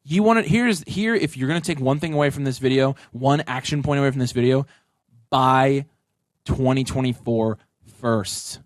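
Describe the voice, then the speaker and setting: A man co-hosting a casual talk show, giving emphatic, rapid advice. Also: medium pitch, no echo, clean studio sound. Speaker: podcast co-host. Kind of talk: casual chat.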